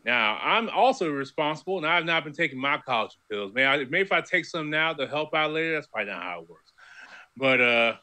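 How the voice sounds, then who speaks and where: A man's voice: a little high, animated, brisk, sharp tone. A man playing a tabletop role-playing game, joking and rambling with lots of restarts. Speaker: player. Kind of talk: tabletop role-play banter.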